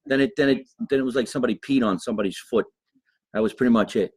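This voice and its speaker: A male comedian hosting a loose live chat, laughing often and riffing with his co-host. He has a mid-pitched voice recorded close and dry, with no room sound. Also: racing, husky, dry recording. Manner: laughs often, animated banter with viewers. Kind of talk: casual live-stream chat.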